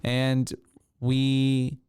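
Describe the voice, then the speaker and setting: Rambling male podcast host, smooth dry voice. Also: mid-range voice, completely flat delivery, extremely slow, a little mellow, no room sound. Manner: rambling, many ums and restarts. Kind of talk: casual chat.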